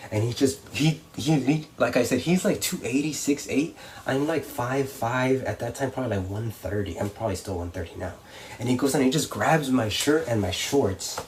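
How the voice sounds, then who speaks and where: A man's voice: medium pitch, a little mellow. A young man, a professional wrestler, telling a story casually and acting out voices and crowd reactions. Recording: slightly distant mic, faint background noise.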